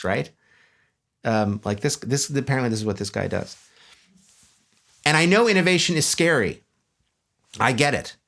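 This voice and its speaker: A man giving a humorous, animated conference talk on a stage before an audience. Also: mid-range voice. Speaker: speaker.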